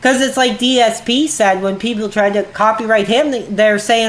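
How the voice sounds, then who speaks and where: A woman streamer rants at her chat, heated and profane, her agitation boiling over. Her voice sits a bit on the high side. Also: fairly even intonation, moderate pace. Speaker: livestreamer. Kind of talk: angry livestream rant.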